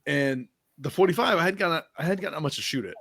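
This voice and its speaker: A man's voice: on the high side, fast, gravelly, a bit bright, husky. A man hosting a podcast, telling a long rambling story in casual chat, laughing easily and swearing now and then. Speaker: podcast host.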